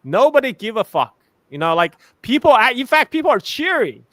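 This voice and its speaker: A man's voice: very high voice, big pitch swings, brisk, a bit bright. A man talks as a guest on a live stream, blunt and sarcastic, often laughing. He keeps repeating and restarting his words. The sound is dry and close, with no room echo. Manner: frequent word repetitions and restarts. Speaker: guest commentator.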